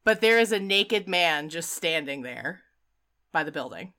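A woman co-hosting a casual chat, retelling a film scene by scene in an animated way, with frequent laughs. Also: deep voice, a little slow. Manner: animated storyteller, acts out the quotes, laughs often. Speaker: podcast co-host. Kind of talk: casual movie recap chat.

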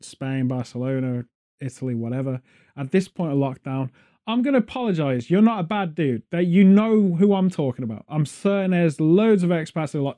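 A man's voice: a little high, brisk, mellow. Rambling British man on a podcast. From Britain. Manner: rambling, jokey, goes off on tangents. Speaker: podcast host. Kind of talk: casual chat.

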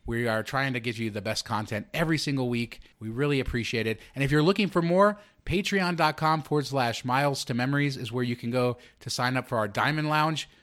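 An upbeat man hosting a casual podcast. He runs through the plugs briskly, then turns to banter with his co-hosts in a middle-pitched voice. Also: fairly bright tone. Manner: upbeat promo delivery. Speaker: podcast host.

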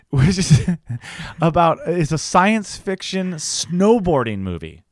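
A man, a caricature artist, telling a story in casual chat, swearing often and acting out the people he quotes. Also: takes it slowly. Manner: animated, swears often, acts out quoted people with big pitch jumps.

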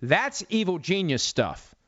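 A man talking sports on his own show, voice sitting a little high and swinging lively up and down as he mocks and questions. The sound is close and dry, slightly dull and lo-fi from a studio mic. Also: a little slow, no echo. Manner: sarcastic, animated, rhetorical questions. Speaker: sports talk host. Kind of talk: solo talk commentary. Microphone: studio mic with cough button.

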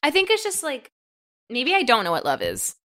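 Woman, comedy podcast co-host; flustered animated improv, fairly high, bright voice. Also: normal speed. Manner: flustered, animated, laughing through scenes.

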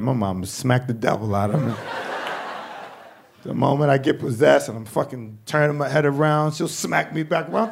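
Gravelly high-voiced stand-up comedian, a man. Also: moderate pace, slight background noise. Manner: profane, animated, acts out quoted voices with shouts. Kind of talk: stand-up routine.

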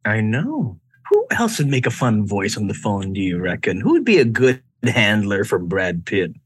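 A man co-hosting a casual movie review chat, animated and laughing often, restarting his sentences as he builds to a point. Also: lowish voice, moderate pace, no echo. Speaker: podcast co-host.

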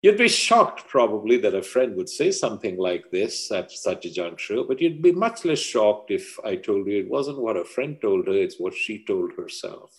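A man's voice: lowish voice, lively intonation, moderate pace, few pauses, darkish tone. A man, a leadership coach, speaking as an interview guest and explaining his ideas with emphatic parables and stories. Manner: emphatic teacher, tells parables. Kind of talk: interview talk with storytelling.

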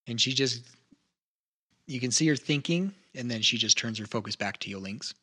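A man narrating as game master of a tabletop game in a relaxed, rambling way. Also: mid-range voice, normal speed, husky.

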